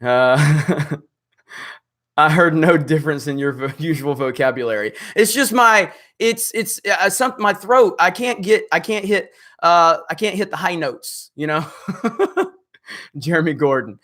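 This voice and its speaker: A hoarse man who is losing his voice, hosting a livestream and reading viewer comments in a rambling, halting way. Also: on the high side, expressive, a bit bright. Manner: rambling, halting, full of fillers. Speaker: livestream host.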